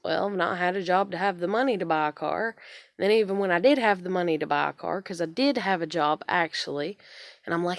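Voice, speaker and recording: Frustrated gravelly woman in her thirties. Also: fairly low pitch, expressive, brisk, no echo, clean studio sound. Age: 30s. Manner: frustrated, swears often, rambling. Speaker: vlogger. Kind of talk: casual venting monologue.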